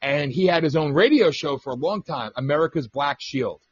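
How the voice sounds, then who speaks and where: Animated, husky-voiced male radio host. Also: on the high side, moderate pace, dull audio. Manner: animated, profane storytelling with mimicked quotes. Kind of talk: casual political radio chat.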